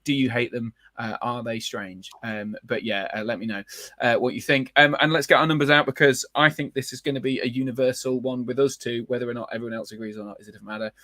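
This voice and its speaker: A man's voice: mid-range voice, steady tone, fast talker, pushed and bright, no echo, studio quality. Rambling male livestream host. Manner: rambling, many fillers and restarts. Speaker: podcast host. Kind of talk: casual livestream chat.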